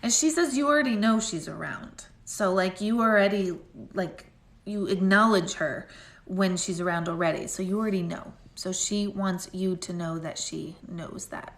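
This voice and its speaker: A woman's voice: mid-range voice, moderate pace. Chatty woman medium in a roomy space. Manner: chatty, rambling, heavy use of "like". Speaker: intuitive medium. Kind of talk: live-stream psychic reading.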